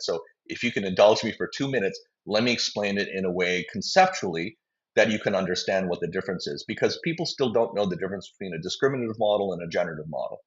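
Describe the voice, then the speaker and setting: A man's voice: low voice, muffled recording. A man, a company CEO, answering interview questions at length, rambling and acting out voices he quotes. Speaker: biotech company CEO, guest.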